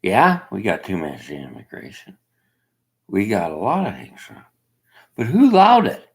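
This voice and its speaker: Gravelly husky man, rambling opinion monologue, wild pitch swings, slow delivery. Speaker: self-made video commentator. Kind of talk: casual monologue.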